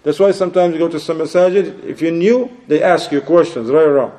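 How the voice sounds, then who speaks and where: A man's voice: fairly high pitch, fairly quick, mellow. A man giving a religious lecture as a preacher, exhorting his listeners with rhetorical questions and Arabic religious phrases. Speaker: Islamic preacher.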